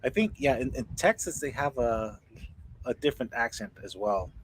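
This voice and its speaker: A man's voice: medium pitch, lively intonation, slight background noise. An American man hosting a podcast in casual chat, often repeating words as he searches for what to say. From United States. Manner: halting, repeats words while searching for them. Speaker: podcast host.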